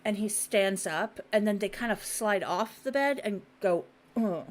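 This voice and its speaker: A podcast host with a medium-pitched, unhurried voice tells a story on her casual show, bluntly and with profanity. She's an animated storyteller who acts out the voices of the people involved.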